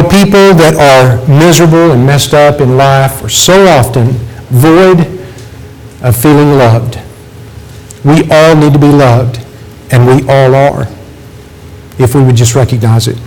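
A man's voice: on the high side, darkish tone, low-quality recording. A man preaching a sermon, earnest and pleading, voice climbing for emphasis.

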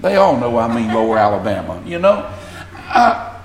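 A man's voice: mid-range voice, very animated, normal speed, gravelly, roomy sound, a little hiss or hum. A man with a Southern US accent preaching a sermon, earnest and building to emphasis when he reads scripture. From Southern United States. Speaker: pastor.

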